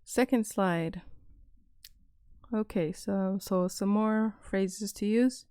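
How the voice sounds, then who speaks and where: A young woman, patiently teaching classroom phrases and repeating each one slowly for learners. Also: mid-range voice, dark tone, clear, resonant tone, no echo, clean studio sound. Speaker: language teacher. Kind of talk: recorded language lesson.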